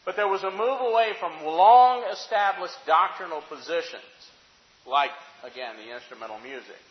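A man's voice: sits high, animated, normal speed. A man preaching a sermon, emphatic and full of rhetorical questions, in a church sanctuary. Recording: dull, echoey hall recording.

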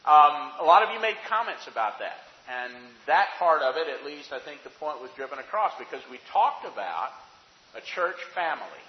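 A fairly high-voiced man preaching an earnest sermon, leaning on key words and restarting his phrases as he goes. He sounds as if he is recorded in a church hall, with a roomy, lingering reverb and dull, muffled audio. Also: very animated. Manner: earnest, emphatic, with pauses and restarts. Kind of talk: sermon-style Bible lesson.

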